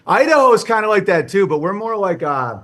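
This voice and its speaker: Man, slightly high voice, casual podcast chat, loose and joking. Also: big pitch swings, a little fast, fairly bright tone, soft background music. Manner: loose, joking, heavy filler words.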